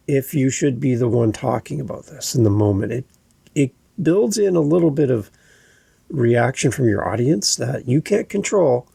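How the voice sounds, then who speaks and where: A man's voice: mid-range voice, vocal fry, mellow, slightly rough, no room sound. A man from Canada with a Canadian accent, hosting a podcast and explaining earnestly, often restarting his sentences. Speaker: podcast host and coach. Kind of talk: podcast monologue.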